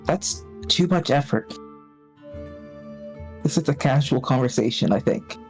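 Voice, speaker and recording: A player asks hesitant, halting questions in a casual tabletop game. Faint music plays underneath. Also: medium pitch, lively intonation.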